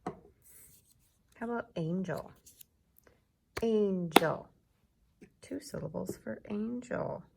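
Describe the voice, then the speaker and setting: A woman teacher talks young children through a recorded lesson in a slow, unhurried way, her fairly low voice edged with gravel. She repeats each word with patient encouragement, and a faint hiss sits under the recording. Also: expressive.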